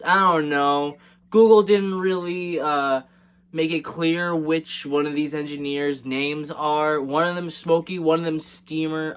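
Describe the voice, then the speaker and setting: A man's voice: sits high, fairly bright tone. A man casually recapping a movie in a rambling, joking way, with frequent hesitations and fillers. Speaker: movie reviewer.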